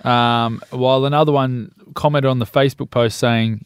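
A man's voice: medium pitch, fairly even intonation, moderate pace, clear, resonant tone, dry recording, studio quality. An Australian man co-hosting a breakfast radio show, joking and laughing through the banter. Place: radio studio. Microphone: studio microphone.

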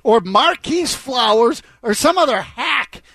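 Male sports radio co-host, blunt emphatic takes, high voice, dry studio sound. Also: lively intonation, takes it slowly, bright, forceful tone, no room sound. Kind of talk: sports talk radio banter. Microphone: studio microphone.

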